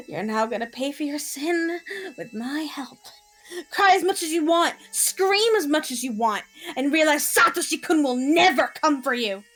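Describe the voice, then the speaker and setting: A woman's voice: high-pitched, expressive, a little slow, fairly bright tone, soft background music, voice pushed up. Woman voicing a cruel, taunting young torturer. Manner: taunting, sneering, laughing. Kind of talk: dramatic reading of a visual novel.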